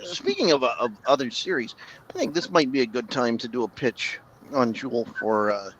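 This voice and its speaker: A man's voice: medium pitch, very animated, normal speed, fairly bright tone, highs cut off, slight background noise. A man hosting a podcast, speaking in casual chat and steering the talk on to the next topic.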